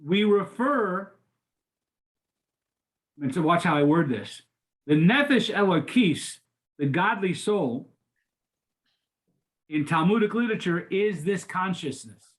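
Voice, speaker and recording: A man's voice: sits high, lively intonation, slow pace, long pauses. An older man teaching a class, lecturing in an informal way with frequent restarts and repeated words. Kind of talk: conversational lecture.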